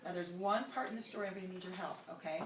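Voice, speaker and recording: A woman storyteller telling a folk tale to young children, expressive and involving her listeners. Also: lowish voice, racing, background noise. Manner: lively, expressive, involves the audience. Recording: roomy, distant mic.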